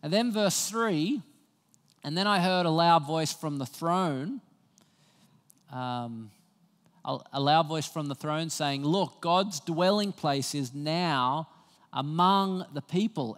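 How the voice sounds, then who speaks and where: A man preaching a sermon with a slightly higher voice than most men. He talks to his congregation conversationally and moves between scripture and family stories. His voice rings out with a long reverb in a church hall. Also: slow pace. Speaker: pastor.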